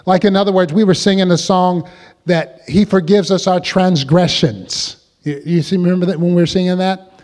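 A man's voice: high-pitched, steady tone, moderate pace, darkish tone, big-room sound. A man preaching a sermon as pastor, drawing the congregation in with call-and-response questions.

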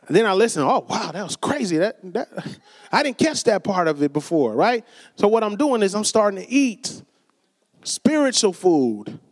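A man preaching a casual, conversational sermon in a church, calling for amens and acting out quoted voices. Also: sits high. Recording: long reverb of a church hall.

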